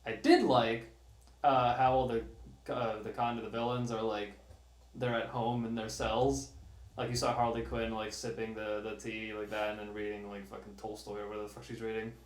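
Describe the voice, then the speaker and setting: Casual male co-host, animated and profane, medium pitch, echoey room. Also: normal speed. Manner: animated, swears a lot, ranting. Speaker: podcast co-host. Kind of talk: casual chat.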